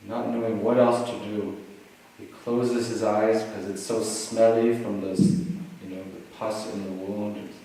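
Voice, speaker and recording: A man giving a dharma talk, telling a teaching story in a relaxed way with many "you know"s and "like"s, recorded in a retreat hall. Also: lowish voice, unhurried, slight background noise. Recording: echoey hall, mic at a distance, faint ambience.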